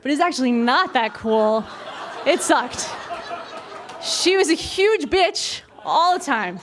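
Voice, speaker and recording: A young woman tells a funny true story on stage in a candid, animated way, and she slips into the voices she quotes. Her voice sits a little high. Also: slow, noisy background. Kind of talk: live comic storytelling. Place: stage before a live audience.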